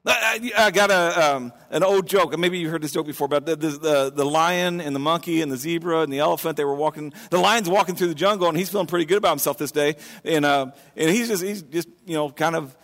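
A man preaches in a loose, animated style, often restarting his phrases. His voice sits fairly high for a man, and his words trail off into the long reverb of a large hall. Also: quick pace, hardly any pauses. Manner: conversational and animated, many restarts. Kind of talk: sermon.

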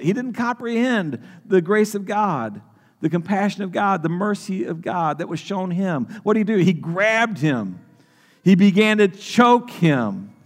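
A man preaching a sermon as pastor, often repeating and restarting words as he explains a passage. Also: sits high. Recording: long hall reverb.

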